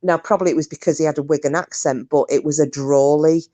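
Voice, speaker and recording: A woman's voice: deep voice, fairly even intonation, quick pace, warm tone, dry recording. A woman with a Northern English accent, originally from Scotland, hosting a casual chat and telling rambling stories with the odd swear word. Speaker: host.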